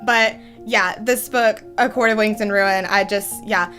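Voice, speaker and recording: A young woman gushing through a casual book review vlog, full of fillers, exclamations and fangirl excitement. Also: mid-range voice, measured pace, soft background music.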